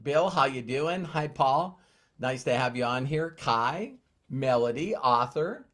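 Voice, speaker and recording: A man's voice: mid-range voice, animated, takes it slowly, fairly bright tone. A man hosting a motivational live stream, chatting casually and greeting viewers by name. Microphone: phone.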